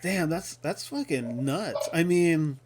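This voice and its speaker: A man's voice: fairly high pitch, animated, takes it slowly. A man hosting a podcast in casual chat, mostly answering briefly and laughing along. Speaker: podcast host. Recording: roomy with crowd noise behind.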